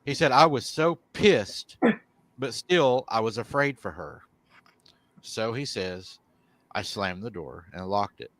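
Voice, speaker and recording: A man's voice: fairly low pitch, slow pace, fairly bright tone, no room sound. A man hosting a live show, retelling a viewer's encounter and quoting him at length. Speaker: host.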